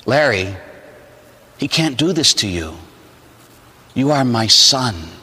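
A man voicing God as a tender, loving father, speaking low and softly. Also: very animated, slow pace, breathy edge, long reverb tail, full character voice.

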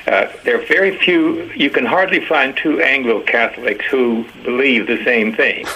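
An older man, a priest, giving a reflective personal testimony in a halting way, with frequent fillers and repeated words. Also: medium pitch, background noise. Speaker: priest guest.

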